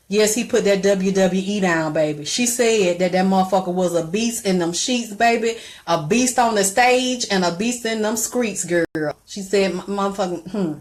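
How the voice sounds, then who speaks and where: A woman hosting a live stream, chatting brashly with her viewers, laughing and cursing freely. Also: medium pitch. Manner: brash, profane, laughing, talks back to a chat. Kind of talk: casual live-stream chat.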